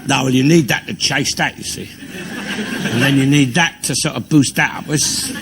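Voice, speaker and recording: Alf Garnett, an actor doing a gravelly old grump. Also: male voice, mid-range voice, normal speed, background noise, close to an everyday voice. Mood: mocking. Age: older. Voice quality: gravelly, mocking. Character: bigoted, grumbling old working-class London man. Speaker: comic character on stage. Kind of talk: stand-up monologue in character.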